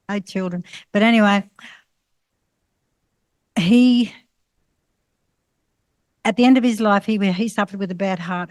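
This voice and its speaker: A middle-aged woman, sharing a personal testimony at a panel discussion in a halting way, with many fillers and restarts. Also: medium pitch, no echo. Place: college panel session.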